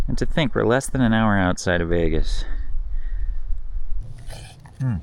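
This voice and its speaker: Male hiking vlogger, tired, joking at his own expense, lowish voice, noisy outdoor sound. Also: expressive, measured pace, long pauses. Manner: chatty, self-deprecating. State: tired after long hike. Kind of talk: casual hiking vlog. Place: outdoors on a desert hiking trail.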